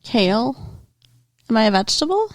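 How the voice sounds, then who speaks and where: A woman's voice: fairly high pitch, normal speed. A woman co-hosting a casual show with her boyfriend, playful and giggly. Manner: playful, giggly, deadpan teasing. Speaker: podcast co-host. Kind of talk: casual chat.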